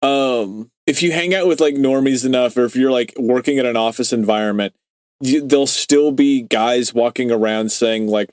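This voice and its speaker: A man's voice: medium pitch, no room sound. A man in his twenties co-hosting a podcast, chatting casually and rambling with lots of filler words and the odd curse. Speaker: podcast co-host. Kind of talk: casual chat.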